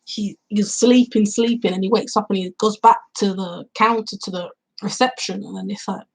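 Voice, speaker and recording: A woman chats through a film's plot for her vlog, her voice slightly husky and breathy at an ordinary middle pitch. She rambles step by step, piling on fillers and acting out her own reactions as she goes. She talks outdoors on a cool day. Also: steady tone, moderate pace, darkish tone, rough recording. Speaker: film reviewer. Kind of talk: casual spoken film review.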